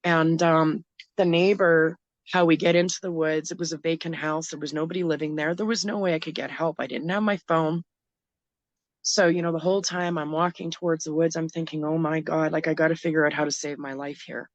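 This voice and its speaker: In a muffled recording without room sound, a middle-aged woman being interviewed describes a frightening personal ordeal. Her voice is deep and steady in tone, though she speaks haltingly and emotionally and often begins sentences again.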